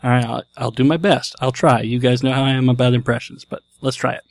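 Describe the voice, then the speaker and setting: A man's voice: mid-range voice, steady tone, fast, creaky, no echo. A man hosting his podcast, talking casually with a jokey, self-deprecating manner. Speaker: podcast host.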